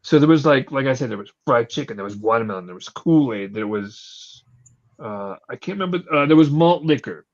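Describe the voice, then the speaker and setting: A podcast host telling a story in casual chat, animated and swearing casually, with plenty of fillers. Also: male voice, mid-range voice, a little fast. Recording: slightly muffled lo-fi recording.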